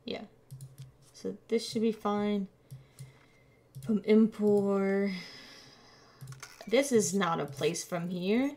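A woman streamer casually commenting on a game, muttering to herself as she checks documents, playful and unhurried. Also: mid-range voice, dark tone. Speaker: gameplay streamer. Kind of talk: casual let's-play commentary.

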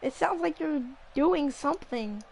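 Trash-talking high-voiced woman gamer. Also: animated, unhurried, creaky, slight background noise, low-quality recording. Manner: teasing trash talk, repeats lines, bursts into yelling. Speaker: gamer playing a wrestling video game. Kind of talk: casual gaming commentary.

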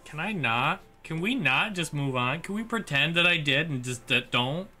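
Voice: mid-range voice, expressive, moderate pace, bright, forceful tone, faint music behind. A streamer giving rambling casual commentary while playing a language game. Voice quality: rambling, repetitive, self-bargaining.

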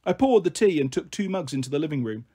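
Husky-voiced man reading a children's novel. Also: fairly high pitch, animated, fast talker. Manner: gentle first-person storytelling. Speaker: story reader. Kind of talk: audiobook narration of a children's novel.

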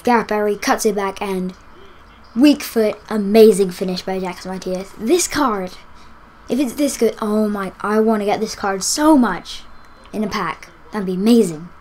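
A woman giving live commentary on a football video game, excitable, cheering and groaning as the play unfolds. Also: medium pitch, normal speed. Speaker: gaming YouTuber.

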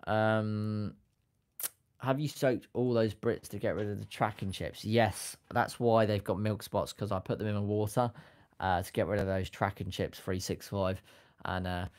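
A man with a slightly low voice hosts a relaxed live stream. He reads out viewers' comments in a goofy, chatty way and is quick to laugh at himself. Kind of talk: casual live-stream chat, reading out comments. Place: home setup with a sticker backdrop.

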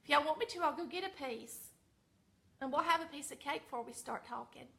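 A woman's voice: sits high, brisk, vocal fry, fairly bright tone. A middle-aged Southern woman with a Southern American accent, chatting folksily to viewers in a casual vlog from her home kitchen. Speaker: vlogger.

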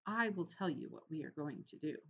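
A bold young mouse boy, eager and rather grand, as a woman reader voices him. The voice bounces with lively pitch. The audio is slightly muffled. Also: brisk, creaky, a little hiss or hum. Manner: eager, self-assured.

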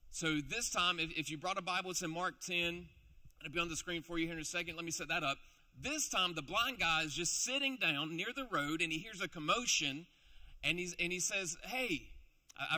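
A man's voice: a little high, bright, forceful tone. A man preaching a youth sermon in a playful storytelling way, acting out the characters' lines in the story he tells. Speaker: youth pastor.

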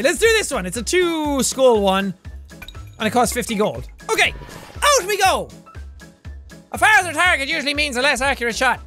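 A young man giving loud, excitable let's play commentary, swearing freely and swinging between shouts and mutters. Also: very high voice. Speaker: gaming YouTuber.

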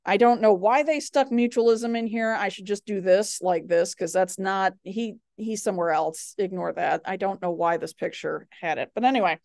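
A woman's voice: medium pitch, normal speed, creaky, hardly any pauses, darkish tone, no room sound, studio quality. A woman teaching a recorded biology lecture, rambling with lots of fillers and chatty personal asides. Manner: rambling, digressive, many fillers; chatty, tells personal anecdotes. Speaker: biology instructor.

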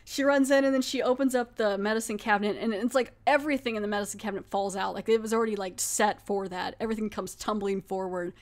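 A woman's voice: mid-range voice, steady tone, fast, few pauses. A woman hosting a podcast who recaps a TV episode in a casual, chatty way, laughing and mockingly acting out the characters' lines. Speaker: podcast host.

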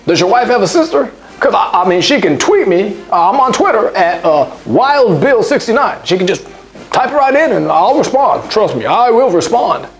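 A woman's voice: mid-range voice, very animated, moderate pace, faint music behind. A woman doing a comic impression of a boastful, flirtatious aging male ex-president who rambles and brags. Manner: lecherous bragging, rambling asides.

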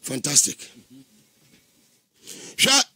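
A man's voice: drawn-out words, bright, forceful tone. A Ghanaian man giving impassioned political talk in a fervent, preaching manner with sing-song emphasis. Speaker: political commentator.

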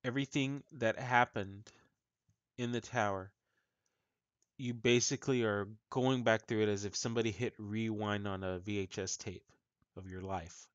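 A man narrating as game master of a tabletop game, halting and full of fillers. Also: fairly low pitch, fairly even intonation, no room sound. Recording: muffled lo-fi audio.

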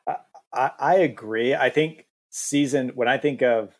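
A man's voice: mid-range voice, unhurried, husky. A man who is a guest on a podcast, chatting with enthusiasm and rambling with restarts. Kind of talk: casual podcast chat.

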